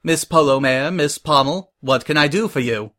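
A man's voice: on the high side, moderate pace, a bit bright, natural voice. A man voicing a professional female pony who runs a fashion show, formal and indifferent.

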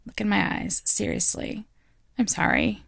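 A woman's voice: medium pitch, measured pace, gravelly, fairly bright tone, no room sound, studio quality, heavily acted. A woman voicing a frank, playful female teacher in an audio role-play, teasing and laughing often. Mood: apologetic.

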